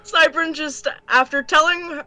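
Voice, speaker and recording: Woman player in a tabletop game, casual, bright high voice. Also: fairly even intonation, a little slow, no room sound. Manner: casual, giggly, with ums.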